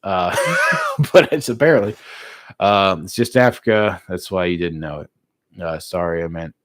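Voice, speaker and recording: An American man casually chatting with his live-stream viewers, relaxed and laughing easily, with plenty of filler words. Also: low voice, measured pace, no echo, clean studio sound. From United States. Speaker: streamer reading live chat.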